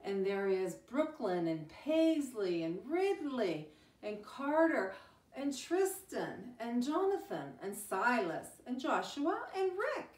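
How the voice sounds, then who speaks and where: A middle-aged woman teacher reading a picture book to young children, animated and exclaiming. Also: a little high. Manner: animated, gasping and exclaiming, speaks slowly and sing-song to young children. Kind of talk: storytime read-aloud lesson. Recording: roomy, from a distance.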